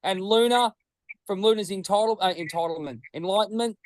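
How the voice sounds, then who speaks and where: An Australian man hosting a casual chat, rambling and excitable, swearing freely. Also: high voice, fairly quick, no echo, low-quality recording. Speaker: host.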